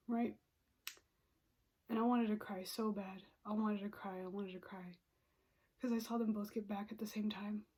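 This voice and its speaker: A young woman with a slightly high, mellow voice that carries a soft breathy rasp. She tells a personal story in a casual, confiding way. She sighs often and slips into whispered asides. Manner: frequent sighs and breathy pauses. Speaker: vlogger telling a personal story.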